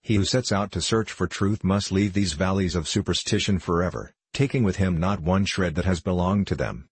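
A man voicing Wisdom, a sorrowful, wise old man, in a storybook reading, speaking gravely. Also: deep voice, moderate pace, no echo. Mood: grave, solemn. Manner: grave, solemn speech.

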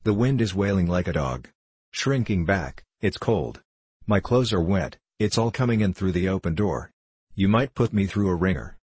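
A man's voice: low voice, expressive, moderate pace, a little mellow, slightly rough, no room sound. A man voicing a boastful, chatty young ex-hotel attendant who plays the concertina. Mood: cheeky.

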